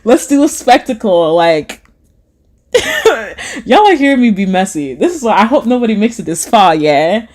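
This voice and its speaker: A woman's voice: very animated, measured pace. A young adult woman chatting casually on a live stream, reading out comments from her chat and laughing often. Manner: chatty, giggly, acts out voices with big pitch swings.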